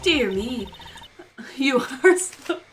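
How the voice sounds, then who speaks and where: A woman's voice: high-pitched, animated, drawn-out words, full character voice. Brief: a woman playing a huffy old game lunch lady, fake Russian-British accent, with game music under her. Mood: haughty. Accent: mock Russian drifting into British. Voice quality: smoky, huffy.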